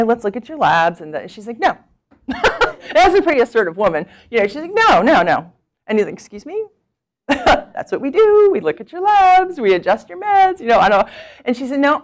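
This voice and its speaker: Animated middle-aged woman telling stories. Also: fairly low pitch. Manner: animated storyteller, acts out quoted people with laughs; thinks aloud with restarts and fillers. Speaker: physician giving a talk. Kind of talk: conference talk with storytelling.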